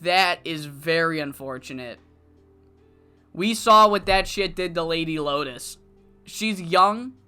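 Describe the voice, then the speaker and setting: Bright, casual wrestling sim narrator. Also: medium pitch, slow pace, clean tone, faint music behind. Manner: casual, recapping, mildly profane. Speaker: game narrator. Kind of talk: let's play commentary of a wrestling management sim.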